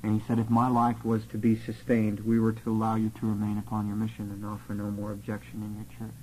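A man telling a personal testimony of his missionary years in an earnest, steady, plain-spoken way. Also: lowish voice, fast talker, a little hiss or hum, rough recording.

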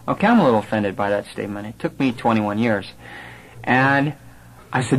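A man's voice: mid-range voice, brisk, rough recording. A man telling a personal conversion story to a live audience in a conversational way, with some fillers. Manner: animated storyteller who acts out quoted voices.

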